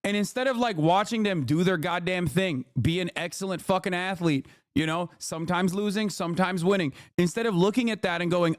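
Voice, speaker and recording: Male streamer with a high voice, profane and exasperated, ranting while reacting live. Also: a little fast, few pauses, no room sound, studio quality. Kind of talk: livestream reaction rant.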